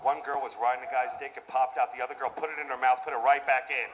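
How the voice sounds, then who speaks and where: A man's voice: medium pitch, level tone, fast. A man doing a crude, rowdy stand-up comedy set in a small club. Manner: brash, crude, rowdy punchline delivery. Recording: noisy live club recording. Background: audience laughter and loud room noise.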